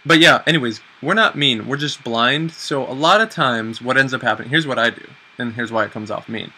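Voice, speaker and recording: A man's voice: medium pitch, fairly quick, sharp tone, breathy edge, poor audio. A young man hosting a casual chat video, joking and self-mocking as he acts out little everyday scenes. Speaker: video host.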